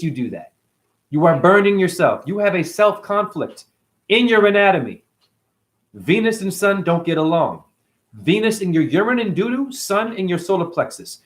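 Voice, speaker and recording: A middle-aged man hosting a spiritual livestream, ranting in a profane, preachy way and answering his chat. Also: sits high.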